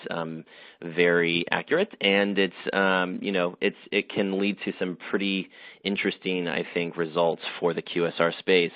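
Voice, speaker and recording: Low-voiced man answering with many ums. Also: dry recording. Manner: thoughtful, frequent fillers and restarts. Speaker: magazine editor, interview guest. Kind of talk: conversational interview answers. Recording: dull, dry sound.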